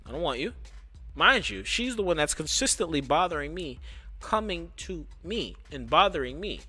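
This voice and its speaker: Animated, bright-voiced male streamer. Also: fairly high pitch, moderate pace, slightly rough. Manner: animated, profane, rambling. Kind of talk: casual storytime livestream.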